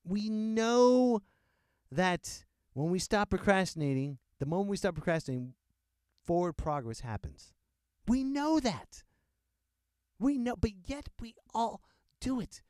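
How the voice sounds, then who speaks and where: A male podcast host rants off the cuff in a joking, animated style, his pitch leaping up and down. He sits close to the microphone in a dry, dead-sounding space. His voice sits fairly high for a man. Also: a little slow, smooth, dry recording. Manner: animated, joking, laughs often. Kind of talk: unscripted comedic rant.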